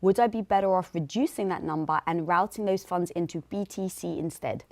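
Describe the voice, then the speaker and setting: A woman's voice: fairly low pitch, fairly quick, dry recording. A woman from Greece co-hosting a live stream, chatting casually, laughing easily and reading viewer comments aloud.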